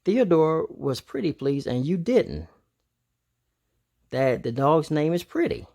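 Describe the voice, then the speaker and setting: A man's voice: a little high, very animated, takes it slowly, creaky, mellow, exaggerated voice. A man doing a sensible know-it-all chipmunk boy. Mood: explaining. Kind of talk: storybook read-aloud.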